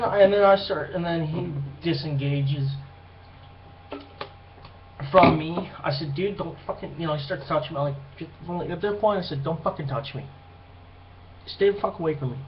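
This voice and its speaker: A young man with a high-pitched voice tells a rambling story full of swearing, acting out the people in it. The recording is dull and lo-fi. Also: normal speed, slight background noise. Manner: profane, rambling, animated retelling. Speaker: vlogger. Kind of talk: casual storytelling monologue.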